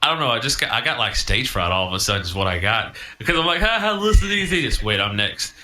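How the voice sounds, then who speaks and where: A man's voice: fairly low pitch, animated, fast, sharp tone. A man co-hosting a podcast, jokey and playful in casual chat. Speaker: podcast co-host.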